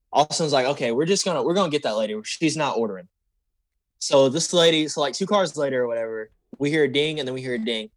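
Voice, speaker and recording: In a casual podcast chat, a young male co-host recounts something from work and performs the voices of the people in the story with lots of animation. He has a mid-range voice, and there's no echo.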